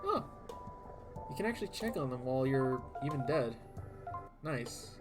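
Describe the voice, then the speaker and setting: A man's voice: mid-range voice, big pitch swings, normal speed. A man giving live commentary while playing a video game, exclaiming, groaning and muttering at what happens on screen. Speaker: streamer. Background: game music.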